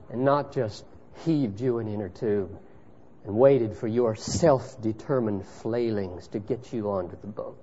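A man preaching a sermon with passion, his voice swinging from loud declarations to hushed storytelling. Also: lowish voice, a little slow, breathy edge. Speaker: pastor. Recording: dull lo-fi sermon recording.

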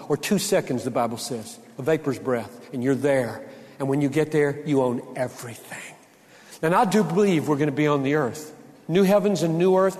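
A man in his sixties gives a lively conference talk with a preaching edge, joking as he goes and tripping into restarts. His voice sits high for a man. It rings out with a long reverb through a large hall. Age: 60s. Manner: animated and joking, with frequent restarts. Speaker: conference speaker.

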